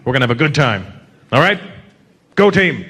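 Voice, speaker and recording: A man's voice: mid-range voice, sing-song, moderate pace, a bit bright, slightly rough, pitched below the performer's own voice. A man voicing an upbeat male team captain giving his teammates an easygoing pep talk.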